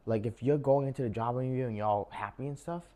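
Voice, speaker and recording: A man's voice: mid-range voice, fast talker, mellow. A young man casually giving job interview advice to his viewers, chatty and full of filler words. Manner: chatty, lots of "like" and "um" fillers, addresses viewers as guys. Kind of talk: casual advice talk to camera.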